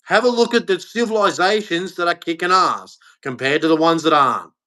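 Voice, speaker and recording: A man's voice: sits high, fairly quick, bright, forceful tone. Blunt, profane Australian man ranting. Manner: blunt, angry and profane, with heavy emphasis. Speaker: vlogger. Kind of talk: ranting monologue to camera.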